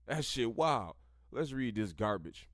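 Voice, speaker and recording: Man, podcast host, crude combative rant, mid pitch, dry close sound. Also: very animated, unhurried, a bit bright, no echo. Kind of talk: profane commentary on articles.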